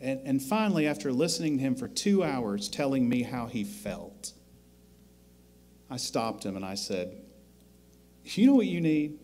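A man preaching a sermon as pastor, slow and deliberate, rising loud on scripture and dropping quiet to make a point. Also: medium pitch, sing-song. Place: church sanctuary.

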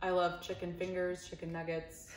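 A woman's voice: lowish voice, monotone, moderate pace, a little hiss or hum. Woman doing a food taste test, chatty and laughy, kinda roomy echo. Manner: chatty, laughs often, playfully dramatic. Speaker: co-host taste tester.

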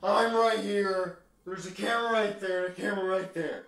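A high-voiced man with a bright, gravelly edge does jumpy gaming commentary, swearing and yelling threats at a horror game. He is caught by a mic well away from him, in a room that rings with strong echo and faint music behind. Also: fairly even intonation, normal speed. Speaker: gaming YouTuber. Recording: very echoey room, mic far off.

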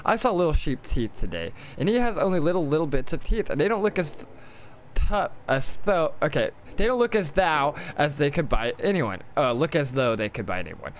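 A man's voice: on the high side, very animated, fairly quick, a little hiss or hum. A man reading out a young male tiger cub's lines from a storybook, stumbling over the words. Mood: boastful. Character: young male tiger cub, blunt and boastful.

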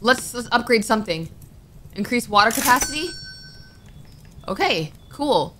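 A young woman giving let's-play commentary, jumpy and excitable, quick to panic and squeal at scares. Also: on the high side, noisy background. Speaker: gaming YouTuber.

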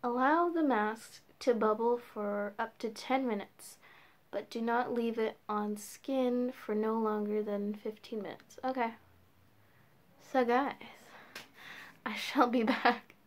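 A woman's voice: on the high side, slow. A teenage girl filming a casual beauty vlog at home, giggly and chatty, with lots of filler words. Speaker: beauty vlogger.

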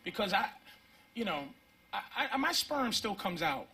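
A man's voice: high voice, big pitch swings, normal speed, over a noisy crowd. A man in his thirties doing a conversational, profane stand-up routine, acting out voices. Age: 30s. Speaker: stand-up comedian.

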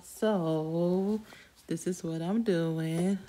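Over the noise of a loud hair dryer, a woman with a deep, creaky voice talks at a moderate pace with fairly even intonation. She's a beauty vlogger doing her hair at home, chatting casually and frequently calling her viewers "y'all".

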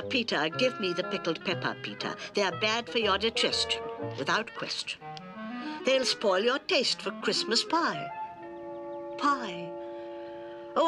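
Mother Goose, a prim old storyteller. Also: fairly high pitch. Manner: sing-song, prim and motherly; breaks into song. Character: kindly old woman storyteller, fussy and sentimental. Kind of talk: 1960s animated musical. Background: orchestral music.

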